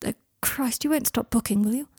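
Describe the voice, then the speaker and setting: A woman's voice: fairly high pitch, brisk, a little mellow, slightly rough, dry recording, studio quality. A woman voicing an anxious, self-deprecating young man who swears under his breath, in a fan fiction reading. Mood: flustered.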